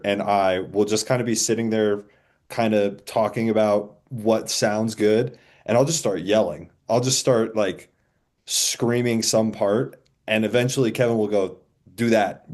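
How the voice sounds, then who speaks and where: A man in his forties, a band's drummer, talking in a relaxed, rambling, self-deprecating way as a podcast guest. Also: fairly low pitch, a little slow. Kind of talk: casual podcast chat.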